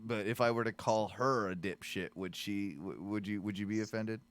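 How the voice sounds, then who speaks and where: A man's voice: lowish voice, normal speed. A man co-hosting a podcast in casual, profane chat, laughing often and telling loose stories. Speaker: podcast co-host.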